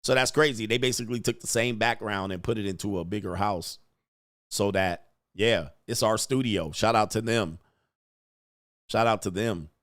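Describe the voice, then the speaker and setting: Profane, animated male livestream host. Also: lowish voice, moderate pace. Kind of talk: casual livestream commentary reading chat. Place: home studio.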